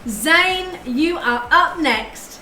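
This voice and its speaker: A woman's voice: high voice, lively intonation, drawn-out words, sharp tone, echoey room, faint music behind, poor audio. A woman streaming live tarot readings, chatting effusively and thanking her viewers as she goes.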